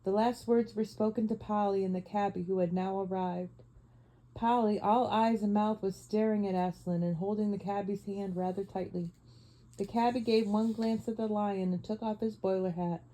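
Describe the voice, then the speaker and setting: Woman audiobook narrator, measured and expressive, very dark warm tone. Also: medium pitch, rough recording. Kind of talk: audiobook reading.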